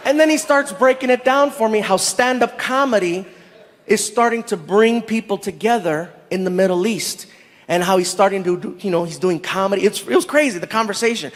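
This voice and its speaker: A middle-aged man telling a stand-up comedy story with animated delivery. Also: high voice, a little fast. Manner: animated storytelling with acted quotes.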